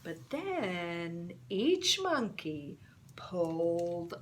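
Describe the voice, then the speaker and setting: Slow, lively woman storyteller. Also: medium pitch, slight background noise. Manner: slow, expressive, with whispered suspense. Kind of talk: reading a picture book aloud.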